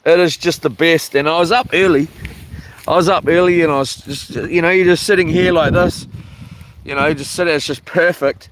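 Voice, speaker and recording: A man's voice: on the high side, steady tone, moderate pace, a bit bright, a little hiss or hum. A man chatting casually outdoors at an island camp by the water, rambling in a laid-back way with lots of ums and slang, recorded on a handheld phone. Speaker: vlogger. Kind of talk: casual chat.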